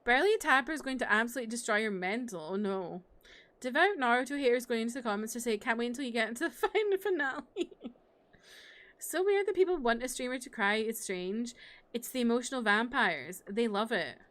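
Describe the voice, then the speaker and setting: A woman's voice: a little high, expressive, quick pace, fairly bright tone. A young woman streamer chatting casually and sarcastically while she plays, ranting with frequent laughs. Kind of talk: casual live-stream chat while gaming.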